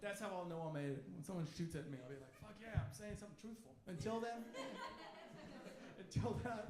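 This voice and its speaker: A man's voice: high-pitched, normal speed, crowd noise. A man doing a stand-up comedy set in a club, brash and swearing, acting out the voices he quotes. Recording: echoey club room with audience laughter. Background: audience laughing.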